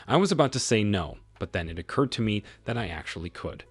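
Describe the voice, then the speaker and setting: A middle-aged man tells his own story in a low, husky voice, with plenty of movement in pitch. His tone is dry and faintly sarcastic, and faint music runs under the narration. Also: animated, fairly quick, few pauses, no room sound. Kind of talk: scripted narration.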